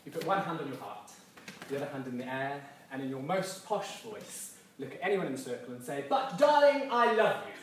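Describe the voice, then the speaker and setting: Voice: medium pitch, brisk, noisy background. A drama workshop leader teaching a silly group game, giving playful instructions and laughing often. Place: large hall with a group. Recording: very echoey hall, mic far off, loud crowd.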